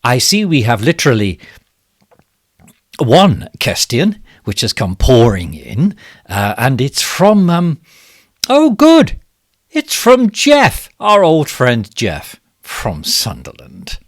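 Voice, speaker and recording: An actor playing a pompous, smug and bumbling male government minister in a comic monologue, with a posh, self-satisfied delivery and sudden leaps in pitch. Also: wildly swooping pitch, slow pace, no echo, studio quality, exaggerated voice. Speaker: satirical character monologue. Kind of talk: comic monologue as a fake live stream.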